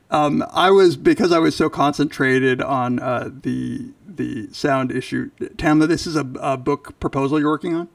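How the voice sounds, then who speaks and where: A male podcast co-host in casual chat, halting with many fillers and restarts, and losing his voice. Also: on the high side, creaky, no room sound, far from the mic. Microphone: video call.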